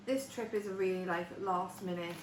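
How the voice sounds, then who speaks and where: A woman's voice: lowish voice, normal speed. Chatty young woman, echoey room. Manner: chatty, rambling with fillers and restarts. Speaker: family vlogger. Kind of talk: casual chat. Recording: echoey room, noticeable background noise, slightly distant.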